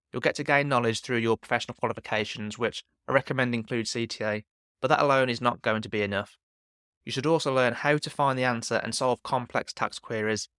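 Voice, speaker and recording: Man, podcast host, casual chat, clear voice, dry sound. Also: mid-range voice, steady tone, a little fast, fairly bright tone, no echo. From Black Country, England.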